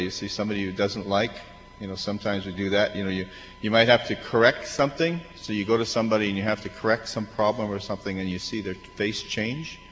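A pastor with a medium-pitched, slightly bright male voice preaches conversationally, putting questions to his congregation and acting out quoted voices. The recording is dull, with the long echo of a hall.

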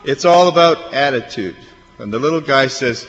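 A man's voice: mid-range voice, lively intonation, moderate pace, a bit bright, faint music behind. A man preaching a sermon in a conversational way, asking his listeners questions and acting out quoted voices. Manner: conversational, asks the congregation questions. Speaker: pastor. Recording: dull long-echo hall recording.

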